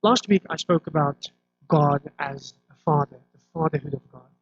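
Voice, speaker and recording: Gravelly-voiced man preaching a sermon. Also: a little high, normal speed. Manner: conversational, repeats words when restarting. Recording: dull lo-fi recording.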